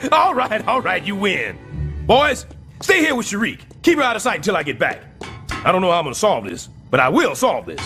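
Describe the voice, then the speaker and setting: An actor playing a scheming middle-aged building superintendent in an animated sitcom, sarcastic and overdramatic. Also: male voice, high voice, brisk, faint music behind, heavily acted.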